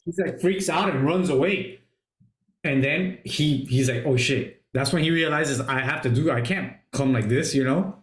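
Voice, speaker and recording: A man hosting a casual movie review chat, retelling scenes excitedly and swearing a lot. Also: mid-range voice, normal speed. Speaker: podcast host. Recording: roomy echo.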